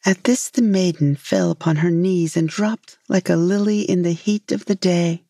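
A woman reading a folk tale aloud in a measured, gentle way. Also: fairly low pitch, steady tone, dry recording, studio quality. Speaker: storyteller. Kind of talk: storybook reading.

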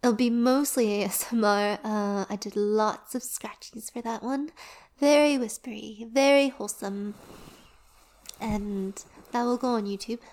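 A sleepy woman chats in a slow, unhurried ramble, her voice sitting a little on the high side. She keeps slipping into soft whispers as she lies back and relaxes. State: drowsy, lying down. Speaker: audio performer and creator.

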